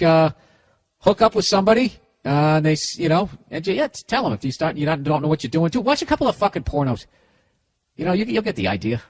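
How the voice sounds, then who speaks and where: A middle-aged man with a Boston accent and a voice on the high side hosts a comedy podcast. His advice is sarcastic, profane and rambling, full of restarts.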